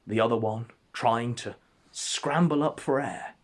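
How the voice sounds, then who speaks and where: Husky man with deadpan mock-epic narration. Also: mid-range voice, unhurried. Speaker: storyteller. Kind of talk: comedic storytelling.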